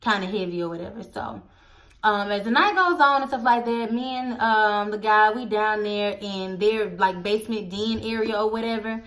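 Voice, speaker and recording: A young woman, casually telling a storytime vlog, animated and addressing viewers directly. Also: mid-range voice, moderate pace. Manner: animated, acts out quoted voices, addresses viewers as y'all. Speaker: storytelling vlogger.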